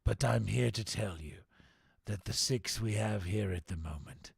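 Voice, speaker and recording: A man's voice: lowish voice, a little slow, creaky, slightly rough, no room sound, clean studio sound. A male game streamer chatting to his live viewers in a theatrical, mock-formal put-on accent.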